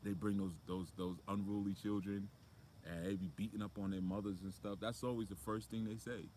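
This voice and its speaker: A man's voice: on the low side, level tone, fairly quick, a little mellow, a little hiss or hum. A man, a spiritual motivational speaker, talking outdoors in a casual, preachy way with lots of fillers. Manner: conversational, preachy, with frequent fillers.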